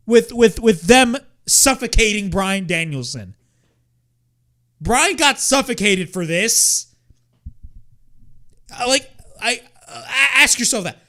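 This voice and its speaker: A man's voice: high voice, very animated, slow pace, pauses often, sharp tone. A young man hosting a wrestling watch-along, ranting in exasperation, swearing and repeating himself. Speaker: wrestling reaction host.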